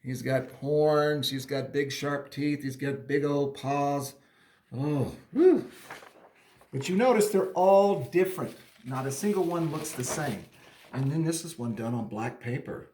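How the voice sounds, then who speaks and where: A man teaching children an art lesson and reading them his own story, in a playful, animated manner. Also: on the high side, unhurried, echoey room.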